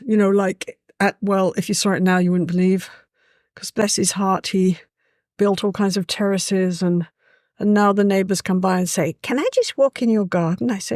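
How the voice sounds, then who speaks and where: A woman's voice: medium pitch, normal speed, no room sound, clean studio sound. A woman, talking as a guest in an easygoing, storytelling way with a frequent "you know". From England. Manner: lively, warm-hearted, with a frequent "you know". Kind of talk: casual conversational storytelling.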